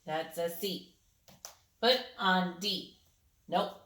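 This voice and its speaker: A woman's voice: fairly low pitch, extremely slow, a bit bright, echoey room. A woman teaching a young child to spell simple words, patient and encouraging, sounding out letters one by one.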